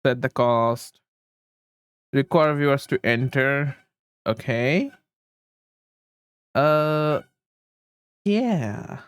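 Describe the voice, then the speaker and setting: A man's voice: mid-range voice, expressive, extremely slow, pauses often, smooth, no echo. A man livestreaming, rambling casually to his chat with frequent chuckles while he fiddles with settings.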